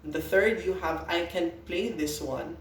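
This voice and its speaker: A man with a Filipino accent teaches a class, slowing down to explain each point and stopping to ask his students questions. His voice sits a little high, and it comes from some distance off the mic. The room around him is echoey, with a faint hiss of ambience underneath. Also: creaky. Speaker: lecturer. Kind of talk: recorded lecture. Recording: roomy echo, distant mic.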